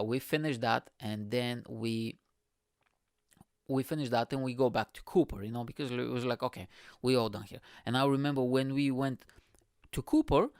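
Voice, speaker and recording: A man from Bulgaria with a Bulgarian accent, hosting his own show and telling a profane, animated story in casual chat. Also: medium pitch, no echo, studio quality. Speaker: podcast host.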